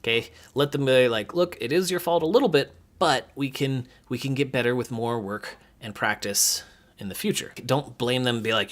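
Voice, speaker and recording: Young male coach, casual and animated, acts out lines, mid-pitched voice. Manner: animated, acts out quoted lines, frequent laughs. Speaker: gymnastics coach.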